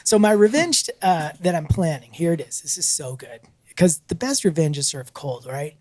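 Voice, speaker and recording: A man's voice: on the high side, moderate pace, no room sound. A man co-hosting a podcast, telling a story casually, laughing often and acting out what people said. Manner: animated, laughs often, acts out quotes. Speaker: podcast co-host.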